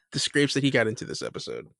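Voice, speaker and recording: A man co-hosting a casual TV recap podcast, talking at an ordinary middle pitch. He rambles, restarts his sentences and laughs often. His voice sounds dry and close to the mic. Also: creaky, a bit bright, no room sound. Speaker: podcast co-host. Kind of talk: casual chat.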